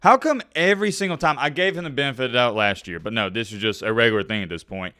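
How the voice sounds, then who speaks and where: A man's voice: mid-range voice, animated, quick pace, bright, forceful tone, clear, resonant tone. A man ranting sarcastically and directly to viewers in sports commentary. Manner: heated, sarcastic, talks straight to viewers.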